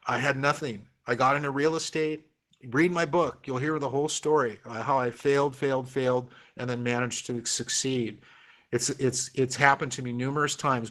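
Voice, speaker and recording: A man's voice: medium pitch, fairly bright tone. Encouraging man teaching an online class. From Oregon. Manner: coaxing, encouraging, repeats phrases. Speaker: real estate instructor.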